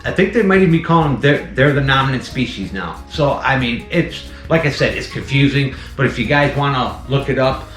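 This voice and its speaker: A man's voice: mid-range voice, animated, fairly quick, few pauses, a bit bright. Guy rambling thru a snake room tour, lots of um and let me tell you, echoey room, faint music behind. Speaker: venomous snake keeper and channel host. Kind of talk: casual animal-room tour with commentary.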